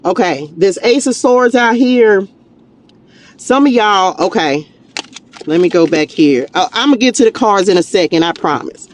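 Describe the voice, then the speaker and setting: With a Southern US drawl and a mid-range, animated voice, a woman runs a live tarot reading at a moderate pace, loose and chatty. This tarot reader and spiritual coach sprinkles in "child" and "y'all," laughs easily, and gives her viewers a warm, encouraging pep talk throughout.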